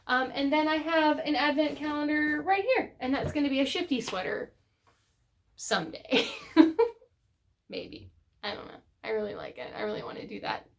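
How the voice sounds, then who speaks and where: A woman's voice: sits high, lively intonation, moderate pace, gravelly, pauses often. A woman hosting a knitting podcast, chatting casually and rambling with many fillers and self-corrections. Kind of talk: casual chat to camera.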